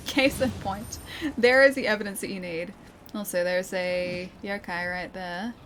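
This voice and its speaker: A woman's voice: mid-range voice, fairly even intonation, slow, background noise. An Australian woman streaming a game live, chatting playfully, laughing often and answering her chat. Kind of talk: live gameplay commentary, reading chat.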